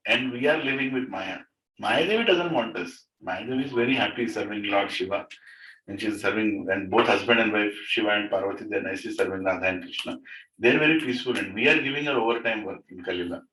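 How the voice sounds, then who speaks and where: A man's voice: medium pitch, bright, forceful tone. A man leading a devotional gathering in a home, telling a story animatedly, chuckling and often asking "right?". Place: living room of a home. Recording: echoey room, mic far off, faint noise.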